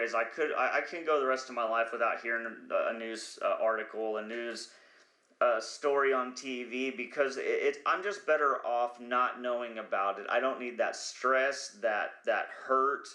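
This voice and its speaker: A man's voice: mid-range voice, normal speed, bright, forceful tone, echoey room. A man hosting a podcast, talking in a rambling, profane comedic monologue who sometimes loses his train of thought. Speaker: podcast host.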